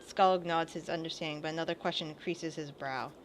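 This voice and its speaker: A woman with a deep, fairly even voice talks a little fast as she plays a video game, a little background noise audible. As a let's play gamer, she reads the lines casually and mostly without character voices, commenting and cursing now and then.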